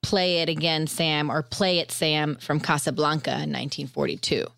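A woman's voice: sits low, level tone, normal speed, gravelly, fairly bright tone, no echo, studio quality. Curious woman asking questions. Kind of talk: casual chat.

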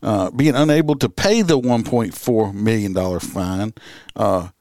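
A man's voice: on the low side, unhurried, a little mellow, no echo, studio quality. A man co-hosting a casual podcast, a police officer telling stories in a folksy, profane way with many fillers.

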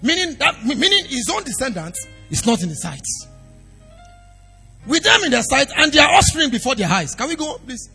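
A man preaching a sermon as pastor, swinging from quiet asides to shouted emphasis. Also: extremely high pitch, sing-song, moderate pace, vocal fry. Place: church hall. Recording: long reverb of a hall with faint music.

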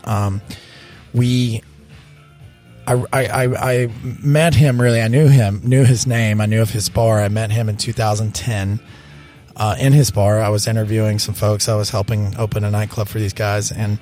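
A man's voice: lowish voice, fairly even intonation, normal speed, dark tone, soft background music. A man from North Carolina telling stories as an interview guest, rambling and repeating words with "you know" and "man.". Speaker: bar owner, interview guest. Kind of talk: casual storytelling interview.

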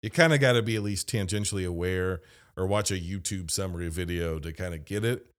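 A man's voice: low-pitched, a little fast. A man hosting a podcast, giving a casual, opinionated movie review, blunt and rambling, with fillers and asides. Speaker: podcast host and film reviewer.

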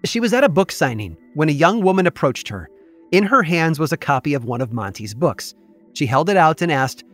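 A man hosting a podcast, telling a true story in scripted, measured narration with a wry touch. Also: fairly high pitch, a bit bright. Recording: faint music bed behind.

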